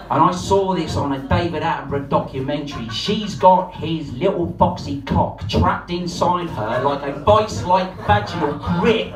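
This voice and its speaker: A man in his forties from England doing a profane, rambling, self-mocking stand-up set. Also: on the high side. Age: 40s. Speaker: stand-up comedian. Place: comedy club stage before a live audience. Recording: roomy live hall from far off, music behind.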